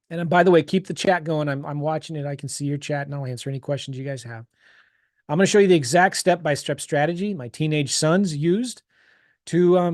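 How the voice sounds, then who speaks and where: A middle-aged man runs a live webinar, talking in a bright, higher register. He is chatty and upbeat, repeating himself with sales-pitch energy. The sound is dry and close on a computer mic. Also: no room sound. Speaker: webinar presenter.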